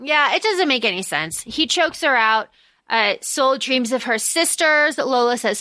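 Woman co-host, bright and a little high, animated plot recapper, dry close mic. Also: no echo. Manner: animated, recaps plot in quick bursts with quoted voices. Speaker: podcast co-host. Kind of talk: casual book-discussion chat.

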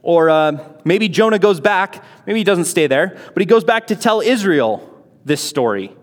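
A man's voice: sits high, animated, moderate pace. A man giving a casual Bible lesson, reading passages aloud and explaining them in a chatty way with rhetorical questions. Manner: conversational, rhetorical questions, many fillers. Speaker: Bible teacher. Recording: long hall reverb.

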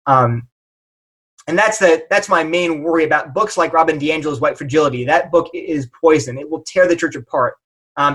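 A man's voice: high-pitched, fairly bright tone, low-quality recording. A man giving an emphatic, conversational talk to a church audience, often restarting his sentences. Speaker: speaker addressing a church audience.

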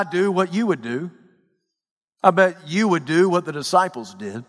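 A man pastor delivering a dramatic sermon, swinging from hushed tones to shouts. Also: high-pitched, expressive, moderate pace, long reverb tail.

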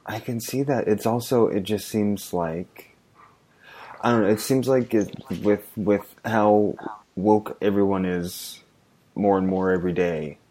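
A man chatting casually on a podcast, giving thoughtful, measured replies. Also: fairly low pitch, steady tone, warm tone. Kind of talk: casual chat.

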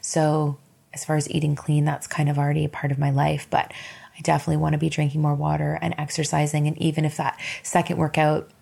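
A woman's voice: deep voice, monotone, fast, gravelly, mellow, husky. A woman in her thirties hosting a casual solo podcast from her bed at home, candid and emotional, encouraging her listeners and swearing casually. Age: 30s. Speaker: podcast host.

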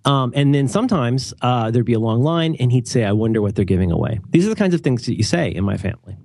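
Wry podcast guy rambling fast, voice bouncing all over, dry mic. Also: medium pitch, husky, dry recording. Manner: wry, rambling, animated storytelling. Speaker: podcast co-host. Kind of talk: casual chat.

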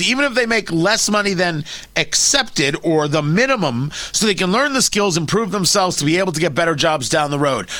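A man's voice: high voice, sharp tone, dry recording. A man hosting a talk radio show, delivering an opinionated monologue with sarcastic, mocking asides.

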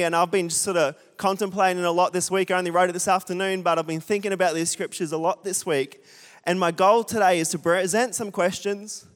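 Chatty young male pastor in a reverberant hall. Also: high-pitched. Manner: chatty, self-deprecating, asks the congregation questions. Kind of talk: sermon with a storytelling aside. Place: church hall with a congregation.

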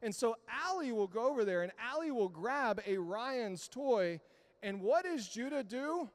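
A man's voice: very high-pitched, lively intonation, measured pace. A pastor in his thirties preaching a sermon, telling stories in a conversational way and asking the congregation to answer. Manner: conversational storytelling, asks the congregation for responses. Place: church sanctuary. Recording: long reverb of a church hall.

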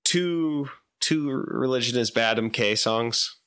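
A man's voice: medium pitch, slow pace, fairly bright tone, clear, resonant tone. A man co-hosting a podcast in casual chat, rambling with many fillers and giggles. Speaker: podcast co-host.

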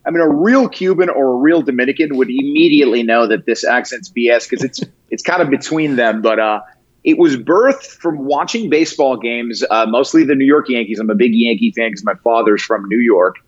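A man chatting casually as an interview guest, talking in a halting way with many restarts and easy laughter. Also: medium pitch, muffled recording. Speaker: guest, prank video creator.

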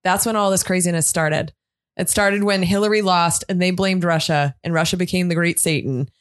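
A woman's voice: fairly low pitch, steady tone, moderate pace. Sarcastic woman podcaster. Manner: sarcastic, opinionated. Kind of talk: casual podcast banter.

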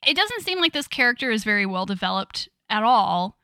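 A young adult woman co-hosting a podcast in casual chat, amused and quick to joke. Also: mid-range voice, big pitch swings, pushed and bright, dry recording, studio quality. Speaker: podcast co-host.

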